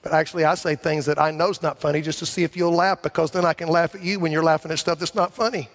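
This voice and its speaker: A pastor preaching a sermon, talking to the congregation in a conversational way, with rhetorical questions and emphatic peaks. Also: male voice, fairly high pitch, steady tone, fast talker. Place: large church sanctuary. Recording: long hall reverb.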